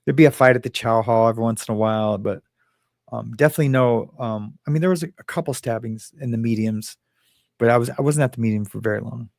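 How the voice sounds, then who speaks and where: Host, male, gravelly mid-pitched voice, rambling and emotional, close dry sound. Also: fast talker, darkish tone, no echo. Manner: rambling, emotional, many fillers and restarts. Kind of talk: casual talk.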